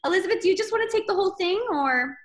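A woman's voice: extremely high pitch, animated, very fast. Giggly woman chatting on a video call. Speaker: Broadway performer singing for hospital. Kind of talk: casual video call chat.

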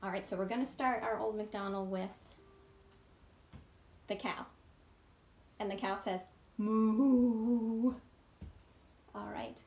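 A woman who is a children's librarian, gently teaching a sing-along lesson for small children. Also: mid-range voice, moderate pace, long pauses. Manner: gentle, encouraging, sings with ukulele.

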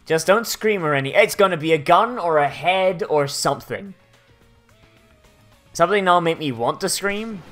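A woman's voice: fairly low pitch, animated, moderate pace, a bit bright. A young woman hosting a let's play, rambling and sarcastic with heavy swearing as she reads the game's text aloud. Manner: crude, heavily profane, sarcastic, rambling. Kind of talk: gameplay commentary reading game text aloud. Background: faint game music.

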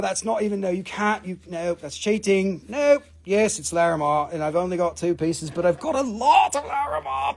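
A rock and mineral seller with a mellow-ish, creaky mid-range voice runs a relaxed live sales broadcast out of a family rock shop, joking around, cursing, and wandering off on tangents.

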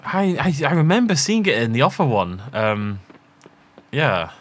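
A man's voice: mid-range voice, sing-song, moderate pace. A man giving chatty let's play commentary, thinking aloud and laughing often as he plays. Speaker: gaming channel host.

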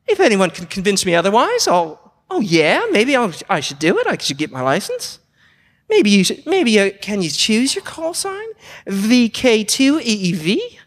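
Man impersonating a rambling video blogger, high lively voice, echoey hall. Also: normal speed, heavily acted. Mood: musing. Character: impression of an excitable male electronics video blogger.

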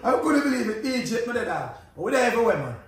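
A man's voice: very high voice, big pitch swings, rapid-fire. An older man with a Jamaican accent, telling laid-back stories in patois in a casual chat. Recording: echoey, distant mic with faint background hiss.

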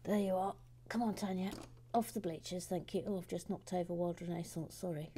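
A woman hosting a livestream and chatting casually as she builds and reads viewer messages aloud. She often drops into soft, whispered asides and is chatty, self-deprecating and full of restarts. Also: lowish voice, fairly even intonation, brisk, a little hiss or hum. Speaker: livestream host.

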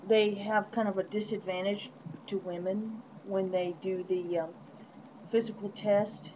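A woman's voice: medium pitch, fairly even intonation, measured pace, a little mellow, dull audio, a little hiss or hum. A woman vlogging from a hotel room into her netbook webcam, chatty and rambling, laughing often. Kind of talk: casual webcam diary. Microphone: netbook webcam microphone.

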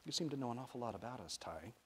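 A calm, wry grown man, voiced by a male reader speaks to a curious child with patient, gently amused warmth in an everyday tone. His pitch stays medium, and nothing about him is exaggerated. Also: rapid-fire, slight background noise, lightly acted.

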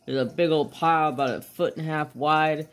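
A man's voice: a little high, fairly even intonation, a little fast, a bit bright, natural voice. A man voicing his pet dog as a lazy, carefree male dog with a blunt, couldn't-care-less drawl. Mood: indifferent.

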